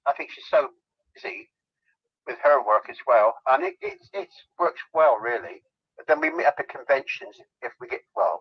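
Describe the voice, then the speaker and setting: Husky man telling rambling stories. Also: medium pitch, lo-fi sound. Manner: rambling anecdotes, giggling. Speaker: guest, celebrity lookalike. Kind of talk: casual interview chat.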